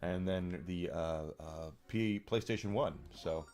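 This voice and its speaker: Low-voiced man rambling over a game. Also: takes it slowly, a little mellow, soft background music. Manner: rambling, frequent fillers and throat clearing. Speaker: streamer. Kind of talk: casual let's-play commentary.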